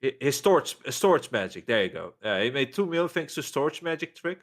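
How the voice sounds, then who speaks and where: A man chatting casually on a stream, retelling a story in a halting, rambling way. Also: mid-range voice, sing-song. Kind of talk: casual chat.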